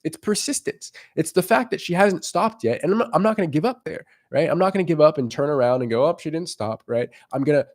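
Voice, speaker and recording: A young man in a casual coaching monologue about approaching women. He talks with animated energy, throws in offhand swearing, and keeps checking in with his listener. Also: a little high, quick pace, hardly any pauses. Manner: animated, acts out quoted lines, swears casually. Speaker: dating coach.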